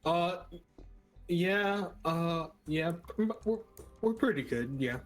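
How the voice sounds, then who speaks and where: A man's voice: fairly high pitch, animated, takes it slowly, soft background music. A man playing a tabletop game, hesitant and stumbling over words. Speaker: player. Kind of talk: tabletop play.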